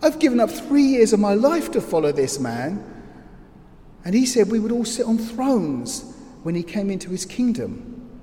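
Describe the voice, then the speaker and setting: A man's voice: high voice, very animated, moderate pace, warm tone, pitched above the performer's own voice. A man voicing a grieving male disciple at the crucifixion, speaking as an anguished, questioning inner monologue. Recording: long hall reverb, faint ambient noise.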